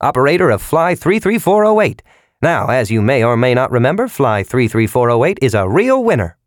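A man's voice: mid-range voice, big pitch swings, a little fast, dry recording, studio quality, pitched above the performer's own voice. A man voicing a cheerful, oozing middle-aged male fly operator who rambles on eagerly like a salesman.

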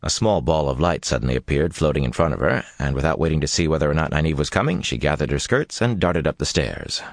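A man narrating a fantasy audiobook in an expressive, dramatic storytelling manner. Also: a bass voice, fast, gravelly, no room sound, studio quality.

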